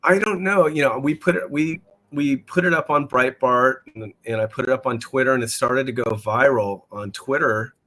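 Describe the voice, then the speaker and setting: A man as a musician guest in a casual interview, talking in a halting way and often repeating words as he thinks. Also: mid-range voice, pushed and bright, poor audio.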